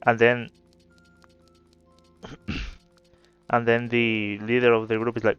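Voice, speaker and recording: A man's voice: medium pitch, level tone, a little slow, long pauses, fairly bright tone, smooth, no room sound. Laid-back man rambling over game music. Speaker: gameplay video creator. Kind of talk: casual gameplay commentary with storytelling. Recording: slightly dull audio with faint game music. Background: faint game music.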